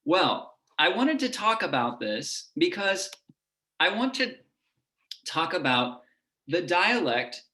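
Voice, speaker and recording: Lecturer, male, lower Midwest accent, slightly high voice, explanatory delivery, echoey room. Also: very animated, takes it slowly, bright, forceful tone. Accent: lower Midwest American. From United States. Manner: explanatory, demonstrating vowel sounds. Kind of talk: online lecture.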